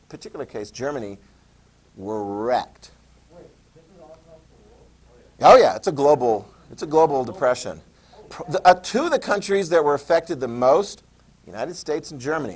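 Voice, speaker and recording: With a slightly mellow, husky voice, a man teaches a high school history class in a laid-back lecture style. He drops sarcastic asides and keeps telling students to write things down.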